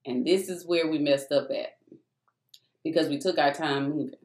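A woman with a deep voice gives a personal faith testimony at a normal speed in an echoey room. Her storytelling is casual, animated and emphatic, and she often calls out to her listeners as "y'all."

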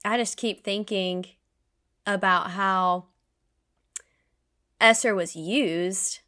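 A woman's voice: mid-range voice, fairly even intonation, drawn-out words, pushed and bright. A woman co-hosting a faith podcast, reflecting thoughtfully on scripture. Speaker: podcast co-host. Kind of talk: casual faith podcast chat.

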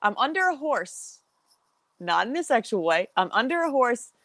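A woman co-hosting a casual podcast chat, telling stories in a lively, chatty way. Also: a little high, normal speed, dry recording. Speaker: podcast co-host.

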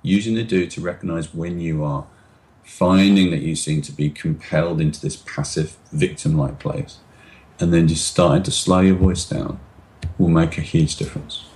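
A middle-aged man talking as a guest expert in an interview over a video call, explaining ideas and sometimes slowing down on purpose. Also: low voice, fairly even intonation, darkish tone. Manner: demonstrative, acts out anxious voices and slows down on purpose.

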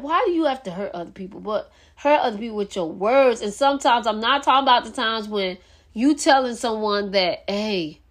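A woman's voice: a little high, a bit bright. A woman hosting a faith podcast, teaching from scripture in an earnest, preachy way and repeating phrases for emphasis. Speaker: podcast host. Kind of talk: casual Bible teaching.

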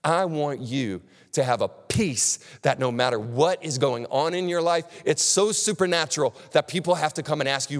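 Pastor preaching in a reverberant hall. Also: male voice, a little high, normal speed, few pauses. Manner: animated, frequent restarts, acts out quotes. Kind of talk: sermon.

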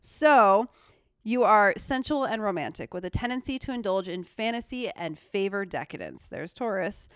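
A woman's voice: medium pitch, animated, moderate pace, clean tone, no room sound, studio quality. A woman co-hosting a podcast, reading horoscope traits aloud with blunt, sarcastic, swearing asides. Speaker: podcast co-host.

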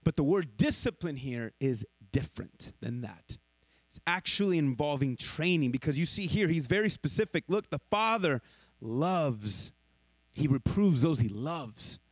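A man delivering a sermon with a high voice that leaps all over its range. He moves between loud emphatic lines and hushed, slow ones. The sound is dry and close, with no room echo. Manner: dynamic preaching, swinging between loud emphasis and hushed lows. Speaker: pastor.

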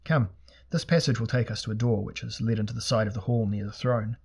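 A man's voice: on the low side, fairly even intonation, a little fast, creaky, a little mellow, slightly rough. A man voicing a wary, loyal male companion swordsman, earnest and questioning, in an audiobook.

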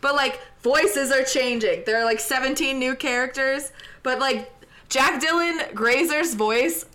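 A woman co-hosting a casual chat, telling rambling stories with quick apologies and laughs. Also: high-pitched, sharp tone.

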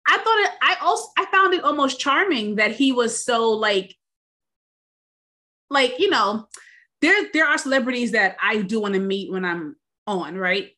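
A woman's voice: fairly high pitch, lively intonation, normal speed, bright, forceful tone. A woman from New York co-hosting a podcast, ranting in casual, profane chat. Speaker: podcast co-host.

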